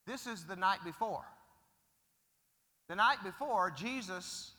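A male pastor delivers an emphatic sermon, his voice sitting high and ringing bright. He swings between booming declarations and hushed asides. Long reverb from a large church hall trails each phrase. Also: animated, takes it slowly.

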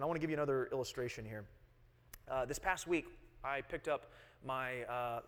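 Pastor guy in his 30s giving a sermon, kinda high voice, asks the room questions, big echoey church sound. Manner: earnest, explains and repeats key phrases, rhetorical questions to the congregation. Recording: long hall reverb.

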